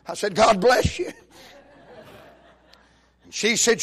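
An older man delivers a sermon in a strikingly high voice. He takes his time, drawling out folksy jokes and stories. Now and then he builds up to shouted praise. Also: measured pace, pauses often. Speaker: pastor. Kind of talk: humorous sermon with storytelling.

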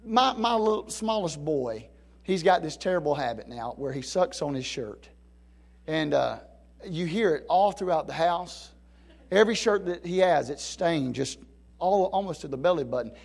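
A man preaching from the pulpit with a high-pitched voice. He builds to loud, fervent climaxes and then drops to a quiet hush. He is a middle-aged pastor who speaks in the cadence of a sermon. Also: expressive, moderate pace, gravelly, slightly rough. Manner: rising to near-shouting peaks of preaching fervor, then dropping low and soft.

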